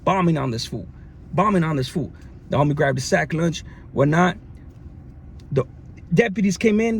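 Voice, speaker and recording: A man's voice: high-pitched, expressive, normal speed, pauses often. A man telling a story from his time in jail in a casual, slang-heavy way, with many fillers and restarts. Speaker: storyteller recounting jail experience. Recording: faint background noise.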